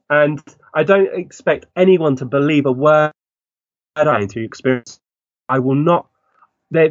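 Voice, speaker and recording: A man, a guest on an interview, telling animated stories and acting out the voices of people in them. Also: fairly high pitch, no echo. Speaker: guest medium. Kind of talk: interview storytelling. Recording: dull, dry lo-fi recording.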